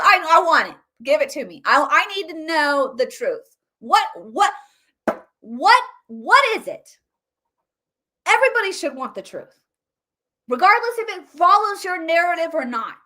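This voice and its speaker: A woman hosting a political commentary show, ranting in an animated, sarcastic way. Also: very high-pitched, unhurried. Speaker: host.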